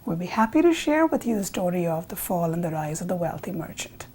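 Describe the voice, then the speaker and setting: A woman narrating a folk tale for a television program, expressive and animated. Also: lowish voice, fairly quick, slight background noise. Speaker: storyteller.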